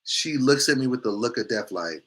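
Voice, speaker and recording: A man hosting a morning show, telling a story in a casual, animated and profane way, acting out the lines of the people in it. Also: medium pitch, normal speed.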